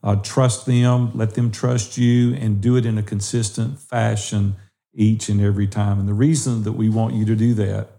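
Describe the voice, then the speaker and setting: Male podcast co-host, low and dark tone, earnest and exhorting. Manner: earnest, exhorting listeners directly. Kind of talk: encouraging podcast talk.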